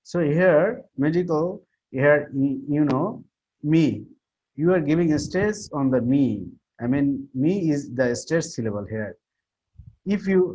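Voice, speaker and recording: A male English teacher with a slightly high, darkish, husky voice lectures a class on word stress and intonation. He speaks haltingly, full of fillers, repeating himself and restarting sentences. The recording is muffled and lo-fi.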